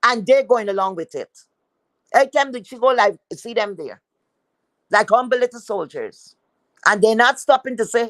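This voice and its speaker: Woman streamer, mid-pitched, cursing and scolding her viewers, close and dry sound. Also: lively intonation, normal speed, a bit bright, no room sound, low-quality recording. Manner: blunt, profane, scolding. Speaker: livestream commentator. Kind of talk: heated commentary rant.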